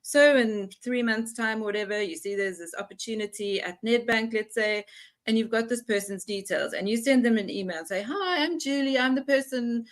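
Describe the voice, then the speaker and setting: Young woman facilitator, chatty and lively, mimics dialogue as she explains. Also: mid-range voice, a little fast. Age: young adult. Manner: animated, acts out little dialogues. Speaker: workshop facilitator. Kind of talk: conversational explaining.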